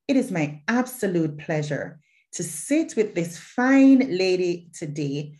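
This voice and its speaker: A woman hosting a podcast, reading a formal guest introduction and asking questions in a measured, affirming way. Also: lowish voice, very animated, warm tone. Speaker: podcast host. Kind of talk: podcast interview, read introduction.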